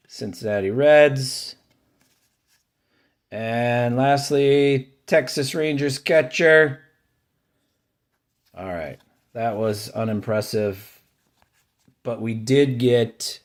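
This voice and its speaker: Slow-talking man opening card packs. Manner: unhurried, listing cards one by one, dry opinions; brightens and rises in pitch over favorite-team pulls. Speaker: card-collecting channel host. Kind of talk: casual pack-opening commentary.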